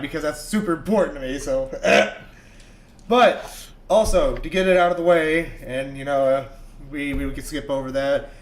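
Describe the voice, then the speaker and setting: A young man streaming a tabletop game, chatting in a quick, joking, excitable way. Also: a little high, roomy sound. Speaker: streamer and co-host. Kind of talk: casual livestream chat.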